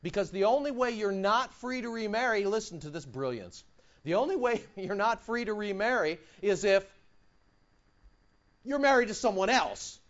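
Animated, high-voiced preaching man. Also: normal speed. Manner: animated preaching, acting out quotes with sudden loud high bursts. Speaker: pastor. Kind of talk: sermon. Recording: dull lo-fi recording.

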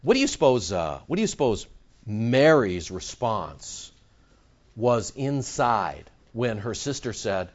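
A man's voice: fairly low pitch, sing-song, slow, muffled recording. A man preaching a sermon to his congregation. He asks rhetorical questions and repeats phrases for emphasis. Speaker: pastor.

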